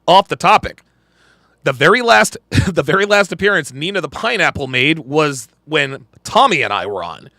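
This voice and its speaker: A man hosts a podcast livestream, reacting to clips and chat with blunt, crude rants. His voice is on the high side, bright and forceful, sing-song at a normal speed, recorded with clean studio sound and no room echo.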